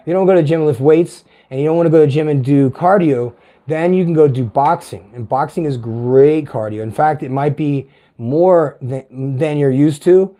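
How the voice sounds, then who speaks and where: A man in his fifties with a light tenor voice that is not deep, talking in a meandering, chatty vlog monologue that is peppered with profanity and self-corrections. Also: mellow. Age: 50s. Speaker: vlogger. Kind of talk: casual rambling monologue.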